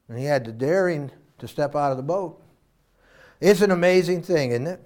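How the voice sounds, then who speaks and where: A man preaching a sermon in an animated way, acting out voices and swinging between loud and quiet. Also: a little high, moderate pace. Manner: animated, acts out voices, varies loudness widely.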